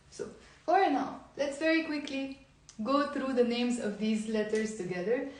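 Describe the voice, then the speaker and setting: Woman, Lebanese accent, language teacher, patient drilling, fairly high voice, echoey room. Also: darkish tone. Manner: patient, drills words for learners to repeat. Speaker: Arabic teacher. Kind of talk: live online language lesson.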